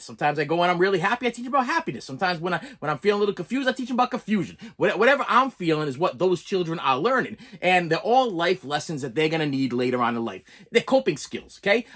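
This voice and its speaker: Animated, rambling middle-aged man. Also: high voice. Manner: animated, repetitive, talks straight to viewers. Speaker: preschool teacher and collector vlogger. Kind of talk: casual rambling monologue.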